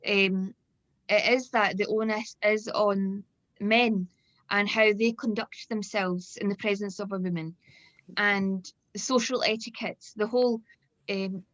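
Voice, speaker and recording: A woman's voice: medium pitch, no echo. A woman hosting a panel on a video call, talking in a rambling way and poking fun at herself. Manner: warm, self-deprecating, rambling. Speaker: host. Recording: dry, muffled video-call audio.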